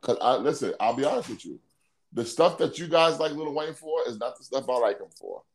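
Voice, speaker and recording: A man's voice: medium pitch, animated, a little fast. A man hosting a podcast, teasing his co-host and laughing often. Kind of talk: casual podcast banter.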